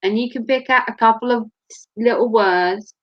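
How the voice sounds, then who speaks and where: Brief: woman vlogger, slight Norfolk accent, fairly high voice, casual and sweary, muffled lo-fi sound. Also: normal speed. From Norfolk, England. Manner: chatty, laughing, swears freely. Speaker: vlogger, mother. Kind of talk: casual chat. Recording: dull lo-fi home recording.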